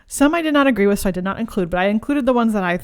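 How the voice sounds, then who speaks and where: A woman's voice: mid-range voice, lively intonation, very fast, clear, resonant tone. A woman therapist co-hosting a podcast in casual chat, chatty and laughing often.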